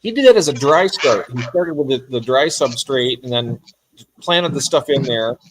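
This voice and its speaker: A man who is a guest on a casual livestream, easygoing and rambling, quick to laugh at himself. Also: medium pitch, lively intonation, a bit bright, a little hiss or hum, low-quality recording. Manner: easygoing, rambling, self-deprecating.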